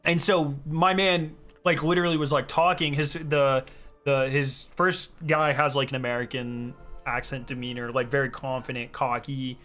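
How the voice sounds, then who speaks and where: Bright-voiced, excitable young man streaming. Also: medium pitch, normal speed, faint music behind. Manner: excitable, rambling, many fillers. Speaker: game streamer. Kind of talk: casual chat while playing.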